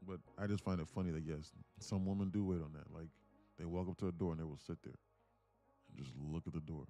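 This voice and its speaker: Low mellow-voiced man chatting on a stream. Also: fairly even intonation, fast talker, faint music behind. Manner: rambling, laughs through stories, many fillers. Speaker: livestream host, day trader. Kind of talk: casual live-stream chat.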